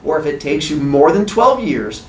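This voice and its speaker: A man tells a comic story with playful energy. His pitch swings widely, and his voice rings in a roomy, echoey space. A faint background hum sits underneath. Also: normal speed. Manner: animated and playful. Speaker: podcast host and storyteller. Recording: roomy echo.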